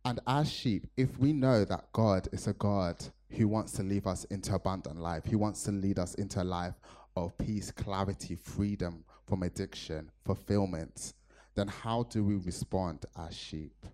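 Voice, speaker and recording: A man's voice: deep voice, a little slow, warm tone. A man from Nigeria preaching a sermon to his church, telling a personal story earnestly with frequent fillers.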